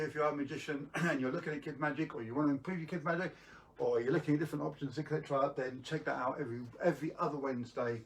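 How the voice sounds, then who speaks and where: A man's voice: a little high, distant mic. Chatty man, a little off-mic. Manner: rambling, chatty, many ums and restarts. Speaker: magician hosting a live stream. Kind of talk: casual live-stream chat to viewers.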